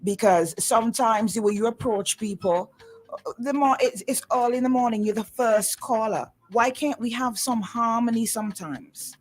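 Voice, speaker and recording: A woman's voice: a little high, normal speed. A woman hosting a radio call-in show, speaking firmly and with a scolding tone to a caller. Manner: firm, scolding. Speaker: radio talk show host.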